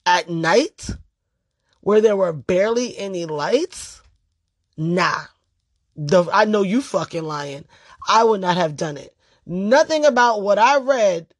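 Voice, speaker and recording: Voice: medium pitch, dry recording. A vlogger telling a story in a casual monologue, blunt, profane and emphatic.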